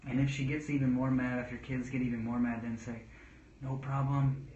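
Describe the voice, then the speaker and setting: With a mid-range voice and a quick pace, a man who works as a children's pastor rambles through casual parenting advice for the camera. He restarts often and calmly demonstrates what to say. The sound is roomy and dull, with faint noise.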